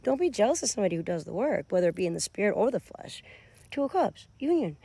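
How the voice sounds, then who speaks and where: A woman's voice: medium pitch, quick pace, breathy edge, no room sound. A woman giving a casual tarot reading, talking straight to her viewers. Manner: animated, addresses viewers directly. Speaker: tarot reader.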